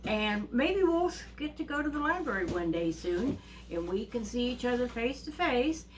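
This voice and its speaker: A woman telling a fairy tale to young children, animated and asking them questions along the way. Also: on the high side, normal speed. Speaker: children's storyteller. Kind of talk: reading a story to young children. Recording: distant mic with faint ambience.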